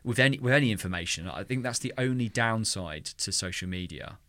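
Low-ish guy on a podcast, real passionate, bright voice, scats drum beats. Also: fairly quick, no room sound. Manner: passionate, animated, mimics drum rhythms vocally. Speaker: podcast co-host, music teacher. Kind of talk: casual podcast chat.

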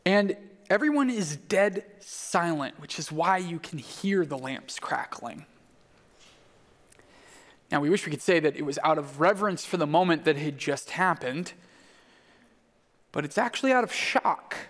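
Male pastor, high register, narrative sermon in a reverberant hall. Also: lively intonation, a little slow, pauses often, a bit bright. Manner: storytelling, acting out quoted voices.

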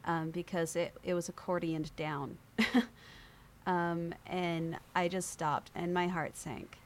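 A woman guest on an interview show, telling a story in a lively way, acting out other people's voices and laughing often. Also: on the low side, slow. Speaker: podcast guest.

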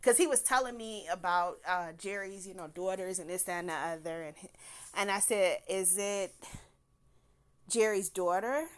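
A young woman with a lilt tells a personal story in a loose, conversational way. Her voice is bright and forceful, and she breaks into laughter and curses freely as she talks. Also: lowish voice, normal speed. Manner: candid, laughs often, swears freely.

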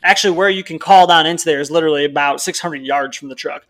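A young man from Wisconsin tells a long hunting story in a loose, rambling way, fairly high-pitched, and acts out bits of dialogue as he goes. He co-hosts a podcast and talks casually. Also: quick pace. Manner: rambling storyteller, animated, quotes others in dialogue. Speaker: podcast co-host.

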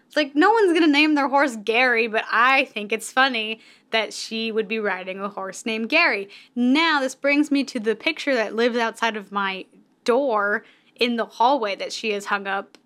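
A woman's voice: fairly high pitch, normal speed, fairly bright tone. A woman hosting a podcast, talking in a rambling, playful, self-amused way. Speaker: podcast host. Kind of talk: casual podcast monologue.

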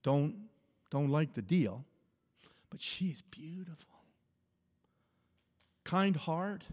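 A male pastor delivers a relaxed, story-driven sermon at a slow, unhurried pace. His voice sits somewhat high for a man, and he repeats and restarts his phrases as he goes. Long reverb from the hall trails his words. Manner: conversational, repeats and restarts phrases, chuckles often.

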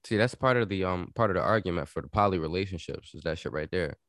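A man's voice: sits low, expressive, fast talker, fairly bright tone, no echo, studio quality. A man in his thirties in casual podcast chat, opinionated and emphatic, jumping in with questions.

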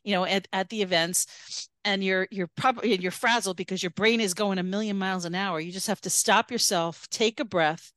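A woman's voice: mid-range voice, fairly even intonation, normal speed, fairly bright tone, no echo. Chatty woman with a dry, close sound. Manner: talkative, many restarts and self-corrections. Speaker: podcast host. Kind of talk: casual chat.

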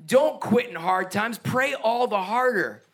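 A man preaching a sermon as pastor, energetic and emphatic, with playful asides and chuckles. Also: sits high, unhurried.

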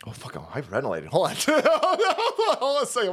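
A man hosting a livestream, delivering a loud, mocking, profanity-laden commentary rant. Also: extremely high pitch, wildly swooping pitch, a little fast, husky. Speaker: livestream host.

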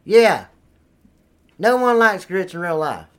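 A man's voice: high-pitched, big pitch swings, slow, clean tone, exaggerated voice. An actor playing a crude, boastful trailer park man who rambles and swears constantly in an improvised comedy sketch. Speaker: comedy character.

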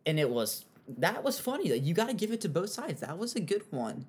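A young man giving casual, rambling commentary on an online feud, with frequent fillers and animated asides. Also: a little high, fairly quick, breathy edge. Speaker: commentary host.

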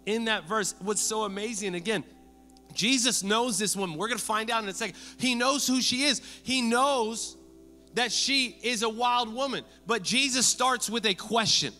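A man preaching a sermon as pastor, lively and conversational, acting out the people he quotes. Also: high-pitched, moderate pace, in a large hall, faint music behind.

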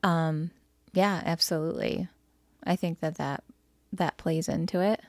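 A woman's voice: low voice, steady tone, measured pace, a little mellow. This woman co-hosts a casual podcast chat, talking freely and laughing often. She sometimes trails off when she loses a thought. Her voice sounds close and dry, with no room echo. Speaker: podcast co-host.

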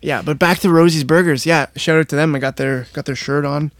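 A man's voice: a little high, steady tone, a little fast, no room sound. A young man from Canada, a podcast host, chatting casually with friends, swearing and laughing often. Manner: swearing, laughing, doing silly impressions. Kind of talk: casual chat.

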